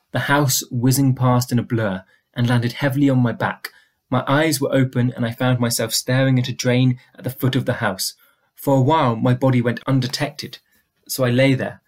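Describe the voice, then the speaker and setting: A man narrating a chapter of a novel at an even, deliberate pace. His voice sits at a mid pitch and stays steady. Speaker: audiobook reader. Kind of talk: storybook reading.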